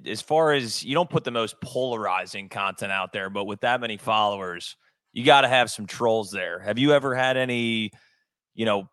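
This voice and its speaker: Male co-host, somewhat low voice, rambling interviewer, dry sound. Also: a bit bright, no room sound. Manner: rambling questions. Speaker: podcast co-host. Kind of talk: casual podcast chat.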